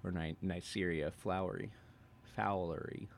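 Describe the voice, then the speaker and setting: A man's voice: sits low, normal speed, creaky, a little hiss or hum. A man co-hosting a podcast, recapping a novel chapter by chapter with sarcastic jokes and asides. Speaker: podcast co-host. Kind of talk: casual chat and book recap.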